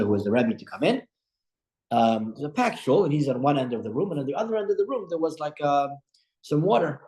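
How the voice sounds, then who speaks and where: A man teaching a religious study class as a rabbi, telling stories in an animated way with frequent restarts. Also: mid-range voice. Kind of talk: storytelling religious lesson. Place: room at a breakfast study group. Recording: echoey room.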